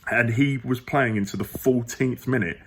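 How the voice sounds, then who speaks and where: At home on his phone, a man who hosts a football fan channel reviews a match to camera, rambling and exasperated, with emphatic outbursts. His medium-pitched, slightly bright voice moves at a normal speed, with a little hiss or hum on the recording.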